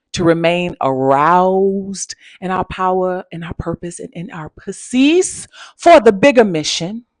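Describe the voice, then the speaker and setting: A woman who coaches spiritually and hosts a channel gives an emphatic, repetitive motivational talk, using pet names and a preacher-like cadence. Her voice is lowish and the recording is dry.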